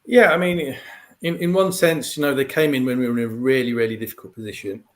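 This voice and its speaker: A male pundit, mid-pitched and steady, walks through the background in a measured, explanatory way. His talk is loose and conversational, full of "um" and "you know". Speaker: guest pundit. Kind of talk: conversational analysis.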